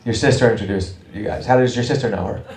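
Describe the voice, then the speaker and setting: A man doing stand-up crowd work, brash and teasing, firing quick jabs at audience members. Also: on the low side, darkish tone. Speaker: stand-up comedian. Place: small comedy club. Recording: roomy club from a distance, crowd laughter. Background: audience laughing.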